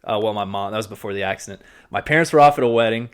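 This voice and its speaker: A man's voice: lowish voice, rapid-fire, clear, resonant tone. A man co-hosting a podcast, telling a story casually and animatedly, swearing and acting out what he said. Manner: animated, swearing, acts out his own past lines. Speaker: podcast co-host.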